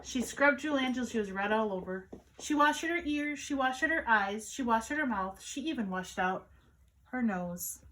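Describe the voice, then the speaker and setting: A woman, a children's caregiver, reading a picture book aloud to children in an animated, sing-song storytelling manner. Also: a little high, normal speed, a little hiss or hum, rough recording.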